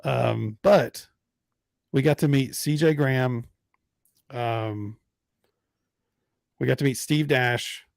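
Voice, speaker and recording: Podcast host, man in his 30s, animated storyteller, close dry mic. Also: medium pitch, takes it slowly, vocal fry, pauses often, dry recording. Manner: animated storyteller acting out quotes. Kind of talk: casual storytelling chat.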